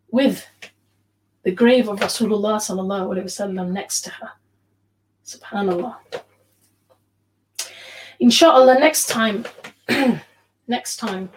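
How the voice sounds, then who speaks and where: An earnest woman leads an online religious class for other women over a video call. She speaks in an unhurried way, pausing often and mixing in short Arabic phrases. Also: on the high side, rough recording. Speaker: teacher of an online Islamic class.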